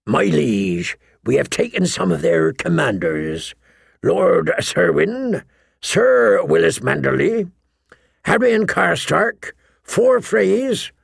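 A man's voice: a little high, sing-song, slow pace, creaky, breathy edge, no room sound, clean studio sound, exaggerated voice. A man voicing a deferential knight giving a formal, grave report. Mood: urgent. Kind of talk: audiobook character voice.

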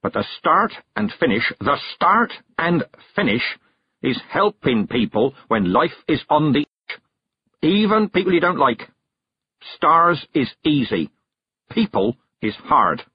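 A man voicing a stern, blunt old woman witch who talks in plain, rough country grammar, in a storybook reading. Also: a little high, very animated, slow pace, dry recording, muffled recording, pitched above the performer's own voice, exaggerated voice. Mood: scornful. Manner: gruff, plain-spoken, dropped-g country grammar.

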